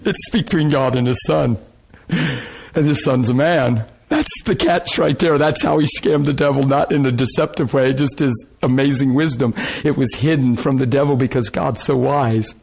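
A man preaching a sermon, telling a testimony story with excitement, laughing often and repeating phrases. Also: medium pitch, normal speed, creaky, slightly rough.

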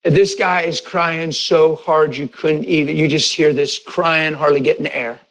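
A fairly high-voiced man preaches as a pastor, telling a personal story to his congregation. He talks directly and conversationally, acting out the dialogue and often breaking into laughter. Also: a little slow, rough recording. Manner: animated, re-enacts conversations with rising pitch and bursts of laughter. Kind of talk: sermon storytelling.

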